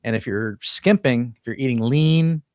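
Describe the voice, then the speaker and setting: Relaxed man explaining diet tips. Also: medium pitch, moderate pace, dry recording, studio quality. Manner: explaining in a relaxed, conversational way with fillers. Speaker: podcast co-host. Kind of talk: casual chat.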